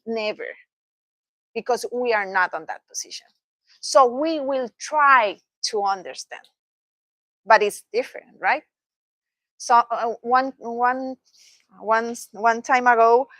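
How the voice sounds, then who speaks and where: A physical therapy trainer leads a hands-on session in a training room, teaching slowly and emphatically with playful asides and laughter. Her voice is on the high side and a bit bright, with no echo, though the audio quality is poor.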